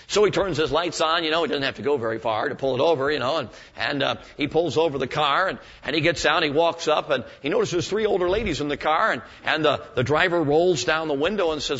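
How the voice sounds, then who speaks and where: A man's voice: a little high, fast talker, few pauses, fairly bright tone, slightly rough. A man preaching a sermon to his congregation in a folksy way, telling stories and asking rhetorical questions. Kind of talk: evening sermon. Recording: dull lo-fi sermon recording.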